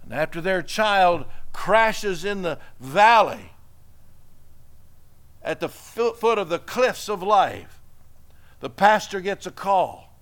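A man's voice: high-pitched, lively intonation, takes it slowly, fairly bright tone. A man preaching a sermon, telling a story and building to emphatic exhortation. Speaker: pastor.

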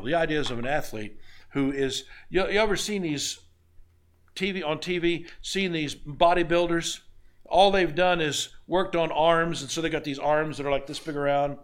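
A man's voice: on the high side, measured pace. A man preaching a sermon in a folksy, emphatic way, repeating his exhortations. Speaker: pastor.

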